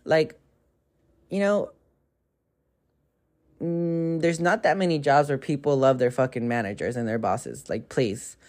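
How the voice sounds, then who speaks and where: A woman's voice: sits low, unhurried, long pauses, a little mellow. A young woman hosting a podcast, telling stories in a rambling, profane, casual way full of fillers. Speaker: podcast host. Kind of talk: casual storytelling chat.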